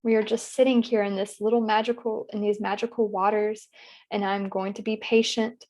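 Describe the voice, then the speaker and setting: A woman as a session client, describing visions in a dreamy, halting and emotional way while in trance. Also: mid-range voice, a little mellow. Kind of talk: narrating a guided trance session.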